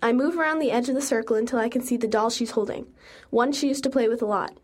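A young adult woman reading a first-person story aloud in an earnest, steady way. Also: fairly high pitch, fast talker. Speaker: narrator.

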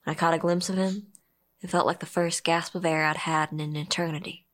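A woman's voice: lowish voice, fairly even intonation, brisk, fairly bright tone. A young woman telling her own story as first-person narrator in an audio drama, earnest and emotional. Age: young adult. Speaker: narrator and protagonist.

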